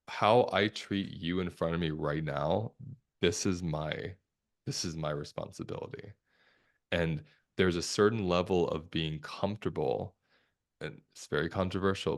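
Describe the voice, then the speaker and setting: A man, a somatic therapist, talking as a guest in a podcast interview in a calm, reflective, measured way. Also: deep voice. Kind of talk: conversational interview talk.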